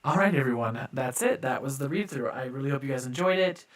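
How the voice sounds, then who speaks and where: A man narrating a live-streamed improv story with expressive dramatic delivery. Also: mid-range voice, quick pace. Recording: echoey reverb with loud music.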